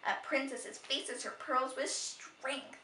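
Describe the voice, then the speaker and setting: A woman's voice: high voice, slow, very noisy. A woman voicing a bubbly, cheerful little girl at a sleepover, in a roomy, distant recording.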